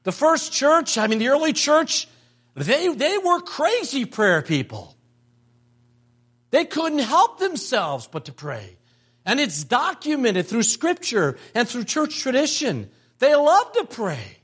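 Slow and breathy, with an extremely high pitch, an older man preaches as a pastor. He tells stories in an animated way and leans on emphatic repetition of phrases.

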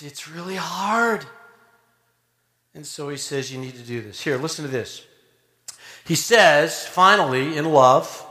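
A man preaching a sermon in a folksy, animated way, swinging from loud emphasis to hushed asides. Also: high voice, roomy sound.

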